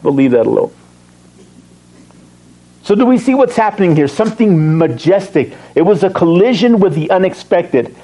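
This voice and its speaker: A man preaching to his congregation in a conversational, animated way, with a somewhat higher voice than most men. He reads scripture aloud, throws questions out to the listeners and answers them himself. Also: moderate pace, pauses often, poor audio. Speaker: pastor. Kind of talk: sermon.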